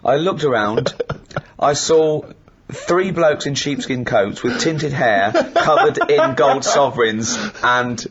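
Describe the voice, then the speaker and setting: A middle-aged man telling comic anecdotes in casual chat, animated and laughing as he acts out what people said. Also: mid-range voice, slow, highs cut off, slight background noise. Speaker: comedy podcast host.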